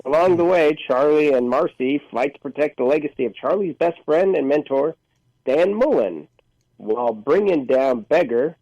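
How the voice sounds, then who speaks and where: A man's voice: a little high, animated, normal speed, mellow, dry recording, lo-fi sound. Dry-voiced male movie reviewer. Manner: reads synopsis then jokes dryly. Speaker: podcast co-host. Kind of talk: casual movie review chat.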